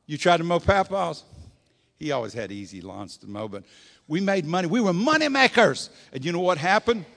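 An older man preaching a sermon, telling folksy stories and swinging between loud and soft. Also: fairly high pitch, very animated, a little fast, gravelly. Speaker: pastor. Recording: long echoing hall reverb.

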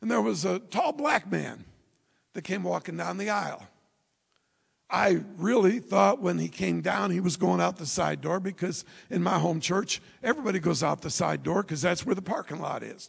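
A man preaching a fervent sermon, his raspy, gravelly voice pitched high and often raised to a shout. He moves between hollered exhortation and stories told to the congregation. The church around him rings with a long reverb. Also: animated, moderate pace. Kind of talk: evangelistic sermon. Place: church sanctuary.

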